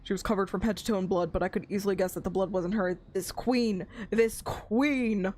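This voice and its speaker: Giggly, excitable young woman streamer. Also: medium pitch, very fast. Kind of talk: casual gameplay commentary.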